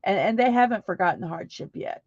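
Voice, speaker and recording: A woman with a medium-pitched voice talks animatedly and fairly quickly, with no echo. Hosting a casual livestream, she chats loosely, reads viewer comments and thanks people warmly, restarting often. The livestream audio is dry and slightly dull.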